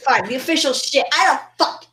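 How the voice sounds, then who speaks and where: A woman's voice: sits high, lively intonation, brisk, pushed and bright. Blunt, swearing woman ranting with friends. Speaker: podcast panelist. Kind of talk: casual group chat over voice call.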